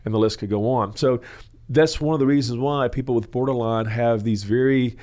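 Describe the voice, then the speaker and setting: A man hosts a church counseling show and explains things at length in a loose, rambling way. He pauses often with "uh" and "you know" and sometimes acts out the people he describes. His pitch sits in the middle range for a man. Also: a little mellow. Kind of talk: teaching talk on a question-and-answer show.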